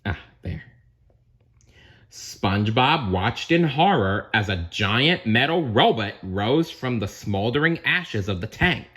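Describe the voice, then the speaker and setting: A man's voice: fairly low pitch, lively intonation, slow pace, a bit bright, slightly rough. A man reading a storybook aloud, dropping in chatty asides to the listener. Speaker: narrator.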